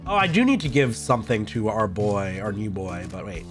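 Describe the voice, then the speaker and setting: A man's voice: fairly low pitch, very animated, a little fast, over music. A man streaming a video game, giving casual let's-play commentary, chatty and thinking aloud, laughing at himself. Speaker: gaming streamer.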